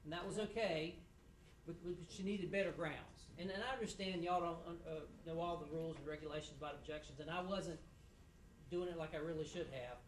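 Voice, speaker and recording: A middle-aged male judge speaks in a fairly high voice, and his words echo around a courtroom because he is some way from the mic. He gives students feedback in halting bursts, repeating words and slipping in dry jokes. A faint room hum sits under his voice. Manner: halting and repetitive, with dry humor. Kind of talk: spoken feedback to students after a mock trial. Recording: echoey room, voice from a distance.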